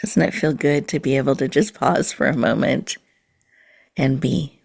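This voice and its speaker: A woman podcast host leading a guided mindfulness meditation in a slow, soothing, inviting way. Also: rumbling low, gravelly, a little mellow, breathy edge.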